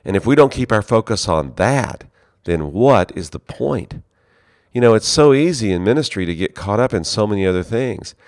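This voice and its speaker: A man's voice: on the low side, lively intonation, moderate pace, a little mellow, no room sound, clean studio sound. A man who leads a seminary, giving an earnest, conversational ministry talk. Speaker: seminary leader.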